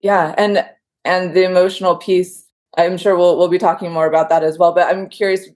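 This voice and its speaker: A woman's voice: fairly low pitch, level tone, fairly quick, a little mellow. A woman hosting a podcast interview, asking curious, prompting questions. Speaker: podcast host.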